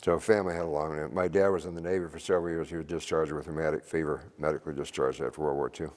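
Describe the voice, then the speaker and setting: Extremely low in pitch, a little mellow, and steady in tone, this older man's voice moves at a quick pace. A retired Army veteran, he gives a rambling, plain-spoken informal seminar to a church group in a reverberant church hall, chuckling at his own stories.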